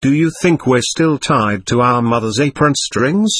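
A man voicing a steady, determined young soldier. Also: mid-range voice, measured pace, slightly rough, no room sound. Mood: defiant. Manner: steady, defiant.

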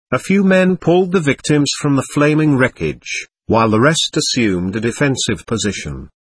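A male narrator with a husky, slightly breathy voice reads a wartime memoir in a steady, solemn way. His pitch sits in an ordinary middle range, and the recording is close and dry, with no room sound. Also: dry recording. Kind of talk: audiobook narration of a war memoir.

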